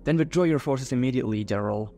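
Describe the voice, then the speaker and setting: A man's voice: mid-range voice, quick pace, vocal fry, warm tone, faint music behind, lightly acted. A man voicing a cold, calculating older male Sith count in a fan-fiction narration, clipped and commanding.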